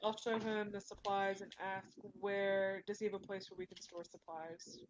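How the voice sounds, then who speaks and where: A woman's voice: medium pitch, little pitch movement, moderate pace. Woman playing tabletop, practical, hissy mic. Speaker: player. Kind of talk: casual tabletop role-play.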